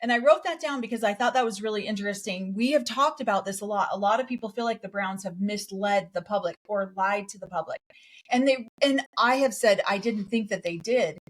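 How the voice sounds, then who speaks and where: A woman co-hosting a podcast, chatting casually and telling lively stories, acting out what other people said. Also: mid-range voice, fairly quick. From raised in a polygamous community in the United States. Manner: animated storytelling, acts out quotes. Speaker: podcast co-host. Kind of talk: casual chat.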